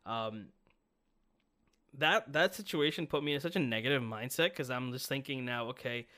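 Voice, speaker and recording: A man's voice: mid-range voice, normal speed. A young man hosting a podcast, telling a story in casual chat, swearing a lot and restarting often. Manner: animated storytelling, heavy swearing; many restarts and filler words. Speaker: podcast host.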